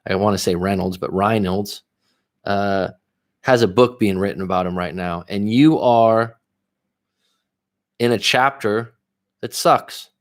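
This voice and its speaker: A man's voice: fairly low pitch, measured pace, long pauses. A man coaching viewers on a livestream, reading their comments aloud and answering them bluntly, with frequent swearing. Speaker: relationship coach.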